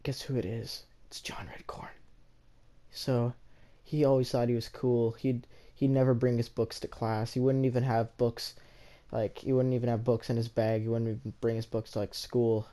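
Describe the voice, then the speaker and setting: A man casually telling a story from his school days, rambling, with many restarts, often in a soft, low-key voice. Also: flat delivery, normal speed.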